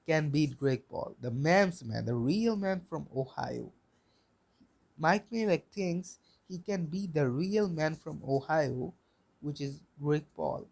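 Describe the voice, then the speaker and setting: A young man hosting a solo podcast, rambling, repeating himself and swearing bluntly. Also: fairly high pitch. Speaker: podcast host.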